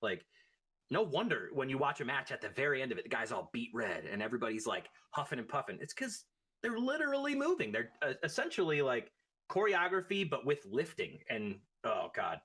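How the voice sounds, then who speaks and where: Young male guest, husky, bright, very animated voice, expressive reactions. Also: mid-range voice. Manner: expressive, quick reactions and laughs. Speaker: guest musician. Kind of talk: casual chat.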